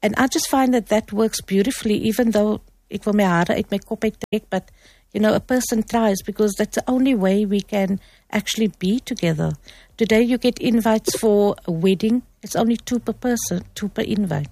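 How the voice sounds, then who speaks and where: A woman's voice: mid-range voice, a little fast, darkish tone, no echo. A woman hosting a conversation, chatty and personal, often murmuring agreement. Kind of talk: casual conversational talk.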